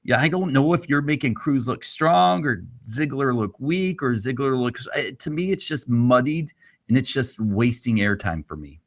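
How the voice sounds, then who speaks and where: A man's voice: medium pitch, animated, normal speed. A man co-hosting a casual wrestling podcast, giving blunt, critical opinions. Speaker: podcast co-host.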